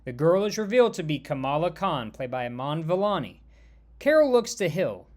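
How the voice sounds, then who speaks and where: A man's voice: fairly high pitch, big pitch swings, moderate pace, a little mellow. Man narrating a fan-made superhero story.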